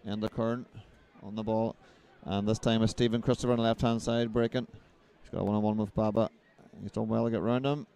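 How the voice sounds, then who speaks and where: A man giving live play-by-play football commentary, brisk and lifting his voice as the action builds. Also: lowish voice, level tone, vocal fry, warm tone.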